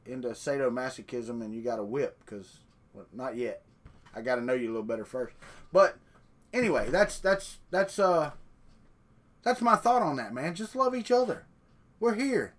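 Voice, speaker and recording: Folksy man, slightly high voice. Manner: folksy, rambling, talks off the cuff. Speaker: live stream host. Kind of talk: casual live stream chat.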